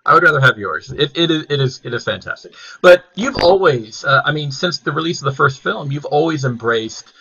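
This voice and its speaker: A male interview host, warmly enthusiastic and admiring, who trips over a word now and then as he asks his questions. His voice is bright and husky, and the sound is dull and lo-fi from a video call. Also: on the high side, expressive, a little fast, few pauses. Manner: enthusiastic, admiring, stumbles on words.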